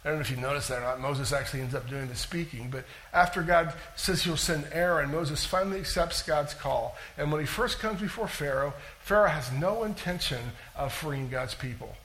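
High-voiced man preaching with energy. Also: brisk, hardly any pauses, rough recording. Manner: animated, conversational preaching with questions to the audience. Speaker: pastor. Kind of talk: sermon.

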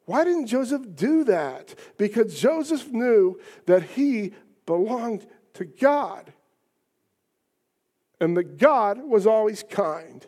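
Pastor, male, high-pitched, emphatic sermon delivery with rising rhetorical peaks. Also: big pitch swings, takes it slowly. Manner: emphatic, rhetorical questions, rising to near shouts.

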